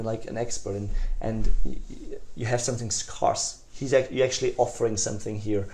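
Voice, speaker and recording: Man teaching sales tonalities, swinging loud and soft. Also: medium pitch. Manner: demonstrates tonalities, swings between loud enthusiasm and soft hushed lines; conversational, many fillers and restarts. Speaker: sales trainer. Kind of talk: recorded online sales lesson.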